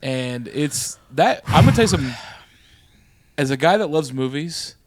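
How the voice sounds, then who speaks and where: Male comedy podcast host, wry banter, a bit high, dry mic. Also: lively intonation, moderate pace, no room sound. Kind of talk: casual chat.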